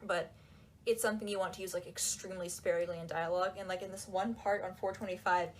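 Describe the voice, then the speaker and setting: A woman talking in a casual, animated and sarcastic way, with lots of "like"s, while she folds laundry. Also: fairly low pitch, fast talker, a little hiss or hum. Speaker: book reviewer. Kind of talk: casual chat.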